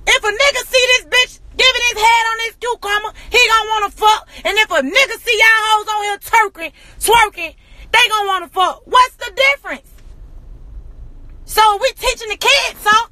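High, bright, fiery woman ranting. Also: moderate pace, dry recording. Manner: profane, confrontational, repetitive rhetorical questions. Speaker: social media personality. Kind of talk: angry rant to camera.

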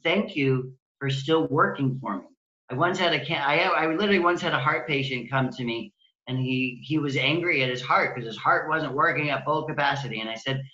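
A man speaking as a guest healing practitioner, gentle and compassionate, voicing kind words he would say to his own pain. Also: medium pitch, reverberant, dull audio. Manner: gentle, compassionate, acts out inner dialogue. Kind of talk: interview, conversational.

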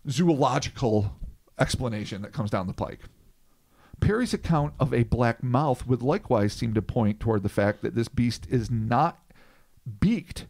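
A man's voice: mid-range voice, darkish tone. A man in his forties from the United States, hosting a casual podcast and reading his notes, breaking off into profane, digressive asides. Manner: profane, digressive asides between read passages. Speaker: podcast host.

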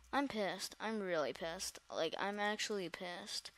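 A woman giving let's-play commentary to her viewers, excitable and dramatic, often repeating words in quick bursts. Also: medium pitch, slight background noise. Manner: dramatic, talks straight to viewers. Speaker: gamer host.

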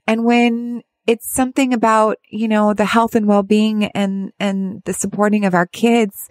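A woman speaking as a parent of a child with addiction, giving candid advice in a halting, heartfelt way with many restarts. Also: medium pitch, steady tone, no echo. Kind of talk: candid personal advice talk.

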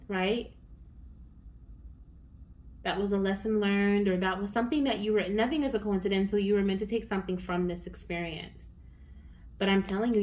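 A woman talks straight to her viewers as she reads tarot cards. Her pitch sits in the middle range, and her manner is chatty and encouraging. She keeps checking in with a quick "okay?". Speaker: tarot reader. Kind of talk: tarot reading to camera.

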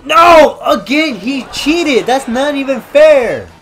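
A young man shouts and curses his way through let's-play commentary, trash-talking the game. His voice sits high and leaps around in pitch. Faint game music plays behind him. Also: lively intonation, slow pace. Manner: loud, swearing, trash-talking, yelling at the game. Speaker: gaming YouTuber.

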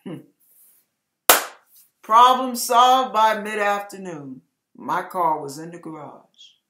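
A hoarse woman giving an encouraging devotional message as an online ministry preacher, with emphatic, repeated exhortations. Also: medium pitch, steady tone, takes it slowly, noisy background. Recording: echoey room.

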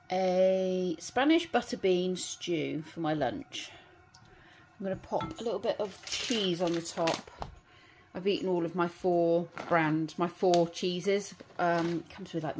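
A woman's voice: lowish voice, a little mellow. A woman vlogging casually, cooing at her animals in baby talk. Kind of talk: casual vlog chat. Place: outdoors with animals, then at home. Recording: faint background noise.

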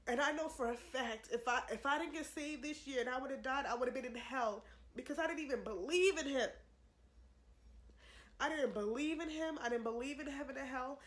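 A woman's voice: sits high, normal speed, a bit bright. A young woman giving an earnest religious testimony to camera, pleading with viewers and repeating herself for emphasis. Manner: earnest, repetitive, pleading, addresses viewers as y'all.

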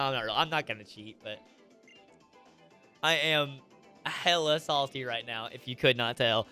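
A young man talks through his game run in an excitable, emotional rush that breaks into frustrated outbursts. His voice sits high and bright, with wide, lively swings of pitch. Faint game music plays underneath. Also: dry recording. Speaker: gaming YouTuber. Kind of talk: Let's Play commentary. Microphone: webcam setup with headset or desk mic.

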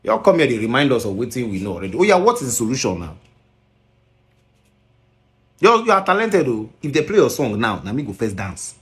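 A man's voice: mid-range voice, big pitch swings, fairly quick, pauses often. A man with a Nigerian accent scolding in a commentary video, mixing Pidgin and English and firing rhetorical questions.

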